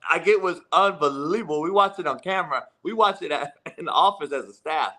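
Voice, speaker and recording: Brash profane man, bright voice. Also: fairly high pitch, a little fast. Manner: blunt, swears freely, laughs often. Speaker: football coach and podcast host. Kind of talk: profane casual sports talk.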